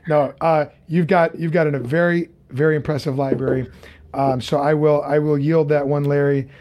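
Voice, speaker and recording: A man hosting an interview over a video call, his voice pitched a little above the usual for a man. He talks casually and haltingly, full of "um"s and restarted phrases. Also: flat delivery, a little mellow, a little hiss or hum. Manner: halting, many fillers and restarts. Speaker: interview host.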